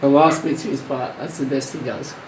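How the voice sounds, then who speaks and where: An Australian man in a casual pet training vlog, coaxing his bird in a high sing-song voice and repeating short phrases, recorded on a handheld phone. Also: fairly even intonation, moderate pace, very noisy. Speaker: bird owner and vlogger.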